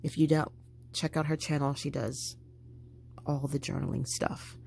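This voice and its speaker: Woman vlogger, low raspy voice, chatty and animated, faint room noise. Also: a little slow. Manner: chatty, animated, talking to viewers while packing a bag. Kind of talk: casual chat.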